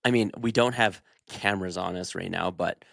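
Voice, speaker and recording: A man's voice: deep voice, moderate pace, creaky, a bit bright. A man co-hosting a podcast in casual chat, blunt and swearing as he gets fired up. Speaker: podcast co-host.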